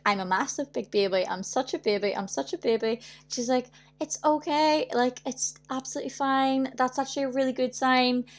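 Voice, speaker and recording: A woman's voice: mid-range voice, a bit bright. A young woman chatting casually on her livestream, telling stories in a chatty way, acting out other people's voices and laughing often. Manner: chatty storytelling, acts out quoted voices, frequent laughs. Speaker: singer hosting her weekly livestream.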